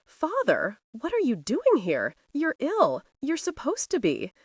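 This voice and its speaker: A woman's voice: medium pitch, sing-song, unhurried, a little mellow, no room sound, clean studio sound. A woman reading a grim young earl. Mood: tense. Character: proud young male earl, grim and angry.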